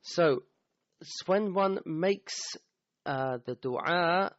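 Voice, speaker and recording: A man's voice: on the high side, extremely slow, no echo, highs cut off. A man teaching the meaning of a Quran verse, thinking aloud with restarts and often checking in with "okay?". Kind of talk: recorded talk explaining a verse.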